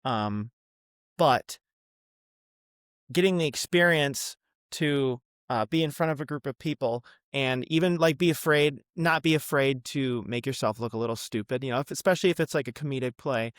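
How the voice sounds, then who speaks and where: A young man in his twenties chatting as a podcast guest, friendly and unhurried, often pausing with an um or uh. His voice sits at a middle pitch and the recording is dry, with no room echo. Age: 20s. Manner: friendly, easygoing, many ums and uhs. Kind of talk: casual interview.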